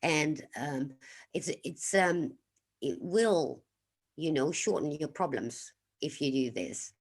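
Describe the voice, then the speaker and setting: A woman from the Netherlands with a Dutch accent, hosting a casual livestream, reflective and unhurried, pausing to greet and thank viewers in the chat. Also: deep voice, expressive, husky. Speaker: livestream host.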